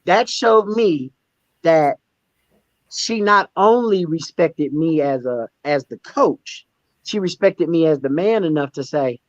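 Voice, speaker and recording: A man in an interview, telling his stories candidly in an emphatic, animated way. His voice sits a little high, and he often repeats himself as he restarts a thought. The sound is dry and somewhat muffled. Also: no room sound. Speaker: stand-up comedian and guest. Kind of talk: candid conversational storytelling.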